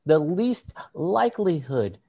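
A podcast co-host spinning a story in loose, casual chat, swearing freely and breaking into laughter. The pitch leaps around as they mimic other people's voices in quick bursts. The delivery stays lively from line to line. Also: slightly rough.

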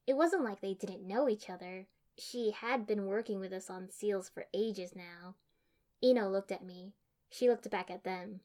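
A woman's voice: mid-range voice, a little slow, darkish tone. A woman reading first-person fan fiction aloud in a dry, matter-of-fact manner. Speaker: audiobook reader.

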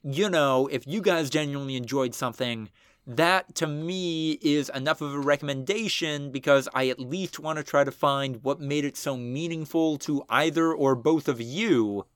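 Man, podcast co-host, fairly high voice, dry close sound, picky about definitions. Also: moderate pace, fairly bright tone, smooth, no room sound. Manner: pedantic, swears casually. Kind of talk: casual chat.

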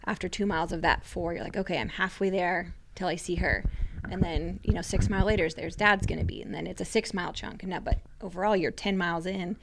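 A woman runner, a podcast guest, explaining calmly and step by step in casual chat. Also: fairly low pitch, fast talker, gravelly, noisy background.

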